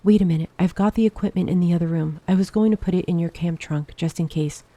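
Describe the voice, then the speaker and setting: A woman voicing a middle-aged mother who is flustered and emotional, speaking gently and fussing over her daughter in an audiobook. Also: on the low side, fast talker, no echo, lightly acted. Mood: tender. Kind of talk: audiobook dialogue reading.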